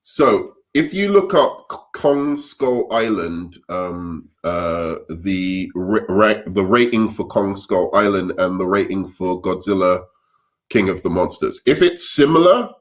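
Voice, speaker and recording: A man with a somewhat low voice joins a casual live stream as guest co-host. He talks hesitantly, with fillers and frequent stumbles and restarts as he makes his point. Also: lively intonation, measured pace.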